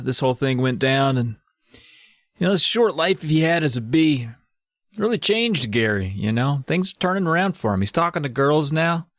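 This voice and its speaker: A man co-hosting a comedy podcast, summarizing and reading from a children's book in a relaxed way, with frequent "uh" and "you know". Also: medium pitch, no room sound, studio quality. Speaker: podcast co-host.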